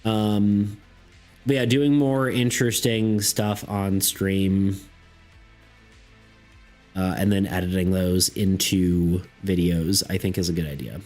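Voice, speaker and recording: Man, low voice, casual stream chat, rambling with fillers, faint music behind. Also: steady tone, slow pace, darkish tone. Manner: rambling, lots of fillers and restarts, reads chat messages aloud.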